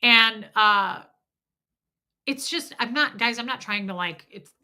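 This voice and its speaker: Middle-aged woman rambling on her livestream, bright voice, kinda stuffy nose. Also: a little high, slow pace, slight background noise. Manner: candid, rambling, reads out viewer names. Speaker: livestream host. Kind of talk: casual livestream chat.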